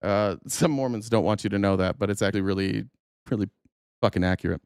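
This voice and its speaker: A man's voice: lowish voice, fast, a little mellow, clear, resonant tone, no room sound, clean studio sound. A man streaming political commentary on YouTube, sarcastic and heated, rambling and swearing as he argues with his chat. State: openly angry. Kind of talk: casual live-stream commentary.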